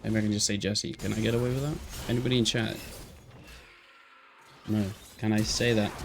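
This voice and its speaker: A man casting a live esports match, chatting to the stream chat between plays and shouting when fights break out, tired and yawning. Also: on the low side, little pitch movement, moderate pace, gravelly, long pauses, slight background noise. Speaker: esports caster. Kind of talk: live play-by-play commentary.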